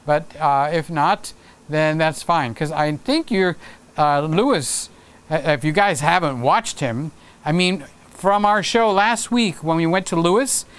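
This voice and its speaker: A man's voice: fairly high pitch, measured pace, clear, resonant tone. A middle-aged man hosting a casual live stream, chatting folksily and reading viewer comments aloud. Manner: chatty and folksy, with frequent restarts and laughs. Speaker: livestream host.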